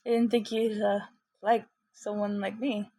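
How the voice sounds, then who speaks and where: A woman voicing a shy, brainy young male mutant turtle in a fan fiction reading, talking softly and modestly with hesitant pauses. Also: mid-range voice, level tone. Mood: shy, gentle.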